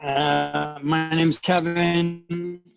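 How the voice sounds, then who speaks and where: A man's voice: on the high side, little pitch movement, drawn-out words, vocal fry, over music. A man from Canada listing his groups in a matter-of-fact way on a video call. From Ontario, Canada. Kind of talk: casual video call introduction.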